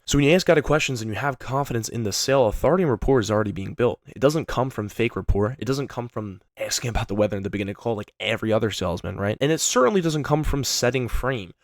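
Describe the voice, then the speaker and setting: A man coaching on sales in an energetic, conversational way, often tagging his points with "right?". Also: mid-range voice, dry recording, studio quality.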